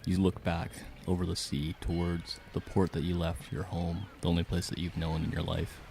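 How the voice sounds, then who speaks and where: A man's voice: deep voice, completely flat delivery, moderate pace, creaky, a little mellow, a little hiss or hum. A man narrating a tabletop game as game master, mixing dramatic storytelling with casual rulings for the players.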